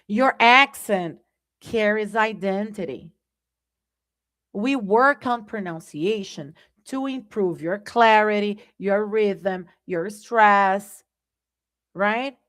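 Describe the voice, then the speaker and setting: Woman, English teacher, live online lesson, very slow deliberate delivery. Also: medium pitch, a bit bright. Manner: slow and deliberate, checks in with "right?".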